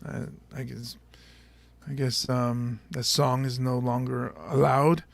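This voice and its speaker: A man's voice: mid-range voice, level tone, takes it slowly, creaky, dry recording. A male stand-up comedian chatting casually with his audience, rambling and joking and laughing often. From Samoa. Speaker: stand-up comedian hosting a show.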